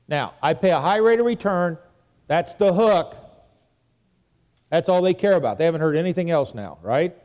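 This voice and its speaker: Man, seminar instructor, conversational, step-by-step teaching, slightly high voice, reverberant hall. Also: lively intonation, fairly quick, darkish tone. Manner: conversational, breaks down a phone script step by step. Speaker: real estate investing instructor. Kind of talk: seminar lesson.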